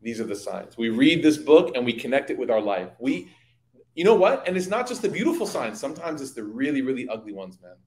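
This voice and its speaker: A man giving an evening religious study talk, telling lively stories and speaking directly to his audience. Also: mid-range voice, fairly quick, echoey room. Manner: lively anecdotal storytelling, addressing audience. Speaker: religious teacher. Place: community hall.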